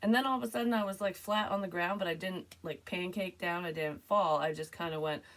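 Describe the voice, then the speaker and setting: A woman's voice: lowish voice, fairly quick. Rambling woman retelling a dream. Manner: rambling, animated, swears freely, frequent "like" fillers. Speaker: psychic medium sharing a dream. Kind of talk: casual storytelling to camera.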